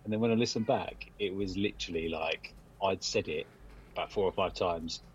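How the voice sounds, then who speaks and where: A man's voice: deep voice, a little fast, highs cut off, very noisy. A man in his thirties co-hosting a podcast. He sounds tired and talks in easygoing, laughing banter. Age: 30s. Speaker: podcast co-host. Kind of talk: casual banter.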